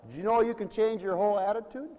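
A man's voice: high voice, steady tone, fast, a little mellow, big-room sound. A man preaching a folksy sermon, playful and sing-song, acting out little everyday scenes.

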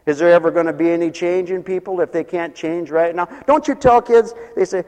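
Animated high-voiced male pastor preaching. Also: brisk, hardly any pauses. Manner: animated, acts out people's voices, laughs often. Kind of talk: lively sermon. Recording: long reverb of a hall.

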